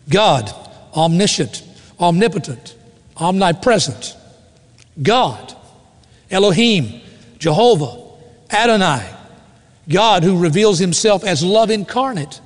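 A man preaching a sermon with emphatic, slow dramatic pauses. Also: high-pitched. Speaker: pastor. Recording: reverberant hall.

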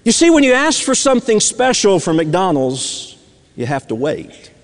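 A man's voice: sits high, big pitch swings, moderate pace. A man preaching a sermon, earnest and repeating phrases for emphasis. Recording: long reverb of a large hall.

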